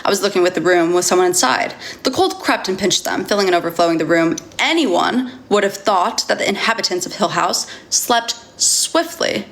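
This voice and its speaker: A woman's voice: fairly low pitch, a little fast, vocal fry, hardly any pauses, a bit bright. A woman reading a novel aloud on a casual livestream, stumbling now and then and chatting with viewers.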